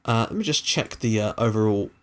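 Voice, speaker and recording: A young man hosting a gaming channel, chatting casually and excitably over his game, with the odd swear. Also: on the low side, a little fast.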